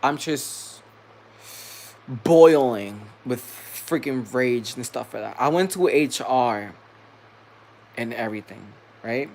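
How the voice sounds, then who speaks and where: A man's voice: medium pitch, animated, slow pace, long pauses, darkish tone. A man venting to camera in a vlog, angry and profane, repeating himself as he rants. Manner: heated, profane, repetitive venting. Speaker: vlogger.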